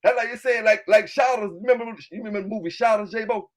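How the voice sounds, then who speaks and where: A man with a Southern US accent who hosts his own channel about his dog kennel, ranting loudly and with plenty of swearing to his livestream chat. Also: sits high, fairly even intonation, fast. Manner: loud, fired-up, profane, keeps repeating filler tags. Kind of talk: livestream rant answering chat.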